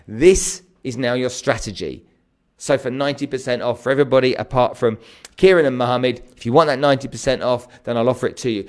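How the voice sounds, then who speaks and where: An energetic man, hosting a live stream to viewers and often checking in with "okay?". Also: medium pitch, fairly quick. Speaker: host.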